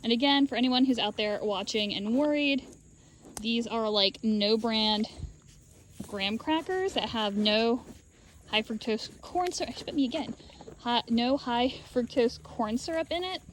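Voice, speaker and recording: A woman sheep farmer filming a casual vlog outdoors in her pen on a handheld camera, chatting and coaxing her animals in a high sing-song. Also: measured pace, slight background noise. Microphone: handheld camera while working.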